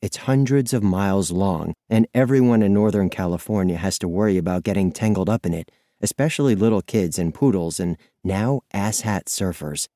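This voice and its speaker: Low, warm male audiobook narrator. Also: moderate pace, few pauses, no echo, clean studio sound. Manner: lively, expressive, breathless storytelling. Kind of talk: scripted first-person audiobook narration.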